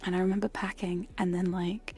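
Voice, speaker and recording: A young woman in a whispered role-play style ASMR livestream, chatting casually and giggly, whispering close to the mic and slipping into soft speech. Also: lowish voice, little pitch movement, fairly quick. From United Kingdom. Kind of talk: whispered chat on stream. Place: home streaming setup. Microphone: close condenser mic.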